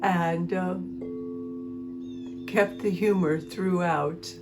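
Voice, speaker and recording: A woman hosting her own podcast, telling a personal story in a chatty, animated way and talking to herself as she tells it. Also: fairly low pitch, very slow, music in the background. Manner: chatty, animated retelling with self-talk and laughter. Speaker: podcast host; homeowner and cat owner. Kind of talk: casual storytelling monologue.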